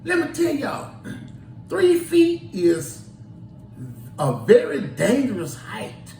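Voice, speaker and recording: Speaking slowly in an extremely high, gravelly yet slightly mellow voice with big pitch swings, a tour guide wanders through a casual story and performs the quoted dialogue. It's captured from a distance in a roomy space with slight background noise.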